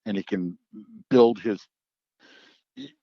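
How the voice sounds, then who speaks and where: A low-pitched man with years behind a track microphone spins a story in a relaxed podcast chat, putting on the voices of the people in it. The recording is dry and a little dull, with no room sound. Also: takes it slowly, vocal fry, no room sound. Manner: animated storyteller acting out quoted voices. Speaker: drag racing track announcer.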